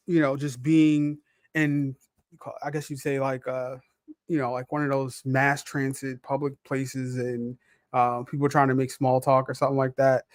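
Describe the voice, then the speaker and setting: A man's voice: mid-range voice, clean tone, dry recording, studio quality. A man giving final thoughts on a review panel over a video call, searching for words with many fillers. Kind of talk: casual panel review chat.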